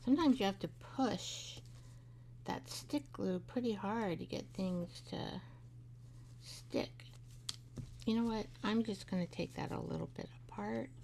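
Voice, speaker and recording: A woman's voice: mid-range voice, moderate pace, darkish tone, a little hiss or hum. A middle-aged woman hosting a live craft show, chatting and rambling as she works, laughing often and talking to her craft pieces. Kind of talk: live craft tutorial chat.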